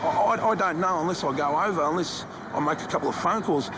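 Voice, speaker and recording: A man's voice: a little high, fast talker, background noise. A man with an Australian accent, a wrestler talking earnestly and a little hesitantly in a documentary interview. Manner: earnest, hesitant, musing talk.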